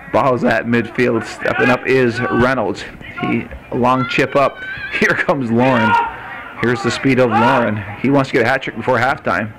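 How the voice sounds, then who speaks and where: A man's voice: medium pitch, flat delivery, moderate pace, hardly any pauses, music in the background. Chatty man calling a local game. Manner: chatty, joking with co-announcer. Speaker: play-by-play announcer. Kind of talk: local sports commentary. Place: outdoor sports field. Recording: noisy outdoor field broadcast.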